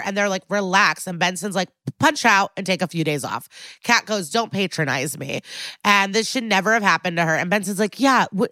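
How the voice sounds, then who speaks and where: A woman's voice: lowish voice, expressive, normal speed, bright, forceful tone, dry recording. Chatty woman podcaster, dry close sound. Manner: chatty storytelling, acting out characters' lines. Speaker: podcast co-host. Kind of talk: casual recap of a TV episode.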